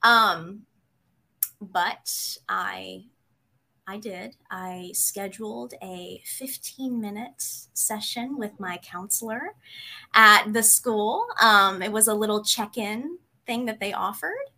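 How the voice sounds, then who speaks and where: A woman, a psychotherapist, telling a personal story in an interview, hesitant with many pauses, candid and emotional. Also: mid-range voice, vocal fry, bright, forceful tone.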